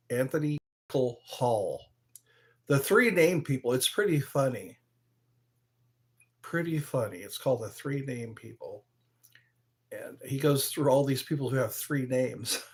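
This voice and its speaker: A man hosting his own live stream, chatting slowly and aimlessly, greeting viewers by name and trying to recall old movies. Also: mid-range voice, darkish tone. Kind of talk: rambling live stream chat.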